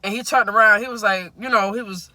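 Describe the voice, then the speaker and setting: A man's voice: high voice, fairly even intonation, quick pace, sharp tone, no echo. A man in casual chat, blunt and joking, cutting in often.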